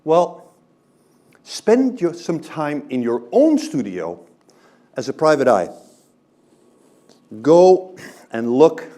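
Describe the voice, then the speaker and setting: Lively, chatty male presenter. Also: on the high side. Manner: conversational, often checks in with "right?". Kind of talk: live talk to an audience.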